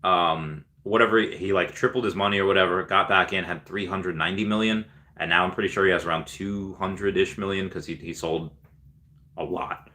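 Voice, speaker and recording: A man's voice: low voice, fairly even intonation, a little fast, pushed and bright. A man hosting a casual livestream, reading viewer comments aloud with lots of ums and cheering on the winners. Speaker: livestream host reading chat.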